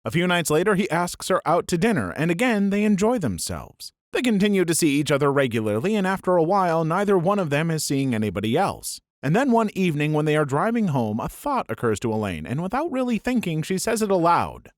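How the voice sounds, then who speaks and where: A young man narrating a comedic story with wry, lively delivery. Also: on the high side, a little fast, hardly any pauses, no echo, studio quality.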